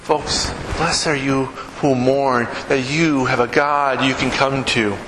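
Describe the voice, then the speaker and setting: A middle-aged male pastor preaching a sermon, asking the congregation rhetorical questions and moving between hushed and raised delivery. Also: mid-range voice, fairly even intonation, slow. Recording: echoey hall with background noise.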